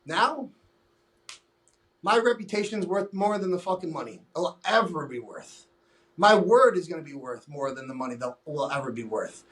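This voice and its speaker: A man's voice: on the high side, big pitch swings, normal speed, a bit bright. A man talking as a fitness coach in a casual podcast conversation. He is blunt and emphatic, swears freely, and acts out exchanges with his clients in quoted voices.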